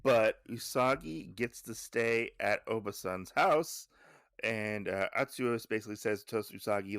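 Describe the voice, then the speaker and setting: Brief: casual podcast host, rambling recap, gravelly voice, dry close mic. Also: male voice, on the low side, unhurried, fairly bright tone, no echo. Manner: rambling, with fillers and self-corrections.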